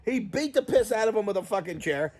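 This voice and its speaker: Excitable high-voiced man reacting. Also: brisk, breathy edge. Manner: excitable and profane, often laughing and shouting. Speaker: host of a toy and wrestling channel. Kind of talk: casual reaction chat.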